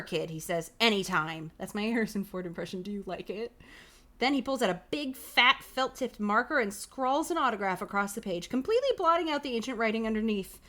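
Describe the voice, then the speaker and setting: Reading a choose-your-own-adventure book to her livestream audience, this woman keeps up a running commentary, laughing a lot and dropping casual swears in a playful mood. Her voice sits on the high side with a fairly bright tone.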